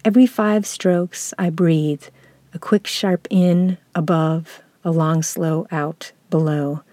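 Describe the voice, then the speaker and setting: A woman from the United States, a lecturer, reading a reflective essay aloud in a slow, measured, contemplative way. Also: fairly low pitch, fairly even intonation, warm tone, no room sound.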